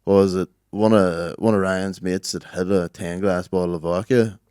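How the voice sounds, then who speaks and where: A young man with a low voice, chatting in a laid-back, sweary way with his mate on a podcast. The sound is dry and close, with no room to it. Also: fairly even intonation, normal speed, dark tone, clean tone, dry recording. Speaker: podcast co-host. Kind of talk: casual chat.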